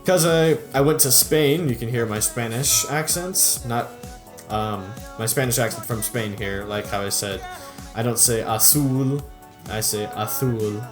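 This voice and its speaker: Over music, a young YouTuber looks back at his earlier videos, his mid-range voice at a normal speed. He's casual and cheerful, frequently laughing and drifting off mid-thought.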